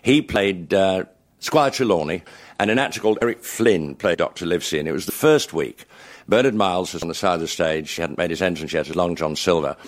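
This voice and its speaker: Older male raconteur, very low voice, genial anecdotes, chuckles at his own punchlines. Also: fairly quick. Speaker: after-dinner raconteur. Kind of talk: anecdotal storytelling to a live audience.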